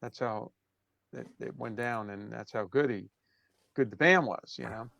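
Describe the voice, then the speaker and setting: A man in his sixties from Brooklyn with a New York accent, telling stories as an interview guest in a relaxed way that trails off softly. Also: medium pitch, measured pace, vocal fry, no echo, muffled recording. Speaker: drummer guest. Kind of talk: casual interview storytelling.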